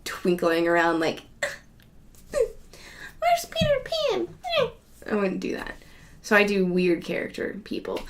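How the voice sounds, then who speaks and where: Woman host, loose casual chatter, quick laughs, frequent swearing, recorded at home. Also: medium pitch. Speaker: show host. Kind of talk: casual monologue chat.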